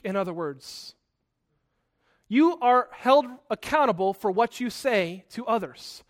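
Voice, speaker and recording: A man preaches a sermon. He is animated and acts out angry outbursts, and he corrects himself mid-sentence as he goes. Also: high-pitched, measured pace.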